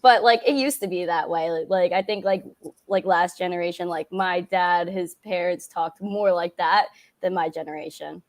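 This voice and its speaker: A woman's voice: lowish voice, normal speed. A young woman with a New York accent, a guest in casual chat, bubbly and giggly with lots of "like".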